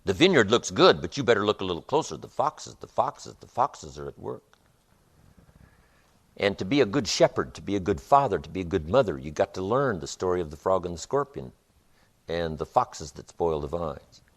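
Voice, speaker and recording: A man's voice: sits low, expressive, a little fast. A man giving a live motivational seminar, speaking emphatically with rhythmic repetitions and storytelling. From United States.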